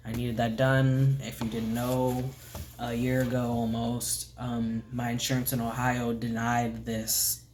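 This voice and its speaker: A man giving a casual, candid vlog update, soft-spoken and rambling with many fillers, often trailing off into a near whisper. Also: medium pitch, completely flat delivery, unhurried, slight background noise. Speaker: vlogger.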